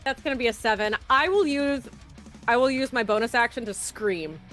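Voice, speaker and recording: High-voiced hesitant woman player. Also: brisk, fairly bright tone, soft background music. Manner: hesitant, many fillers. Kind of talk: tabletop game play.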